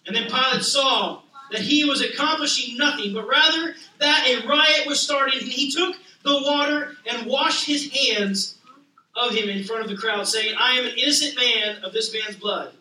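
A male pastor preaching a sermon with passion, rising to loud cries and dropping to hushed lines. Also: extremely high pitch, moderate pace. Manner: impassioned, swinging from loud to hushed. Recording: echoey room, voice a bit distant.

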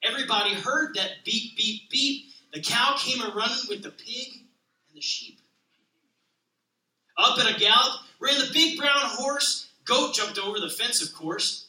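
Pastor guy reading a kids book then joking around, high voice, echoey church room. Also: measured pace, recorded from a distance. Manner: lively storybook reading, then casual joking talk. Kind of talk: sermon opening with a read-aloud picture book.

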